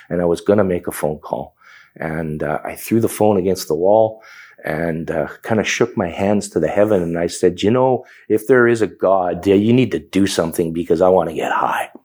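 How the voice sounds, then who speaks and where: A man's voice: deep voice, a little mellow, breathy edge. A middle-aged man with a Canadian accent telling his personal testimony in a reflective storytelling manner. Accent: Canadian English. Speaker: testimony speaker.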